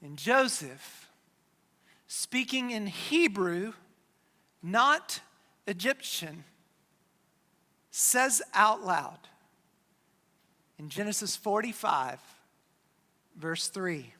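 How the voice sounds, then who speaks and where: Slow bright-voiced pastor in a reverberant church. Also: mid-range voice, sing-song. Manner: storytelling, retelling scripture with dramatic pauses. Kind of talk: sermon. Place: church sanctuary. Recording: long church hall reverb.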